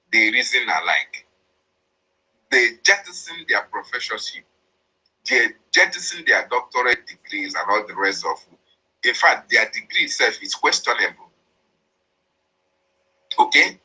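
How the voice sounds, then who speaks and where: A man's voice: mid-range voice, pushed and bright, breathy edge, rough recording. A man with a Nigerian accent giving an impassioned political monologue, repeating and stressing his points as he denounces opponents. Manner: repetitive, emphatic, denouncing opponents. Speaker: speaker on a political online broadcast.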